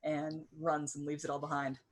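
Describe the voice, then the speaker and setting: Husky woman playing a tabletop game. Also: low voice, monotone, normal speed. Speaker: player. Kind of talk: casual tabletop play.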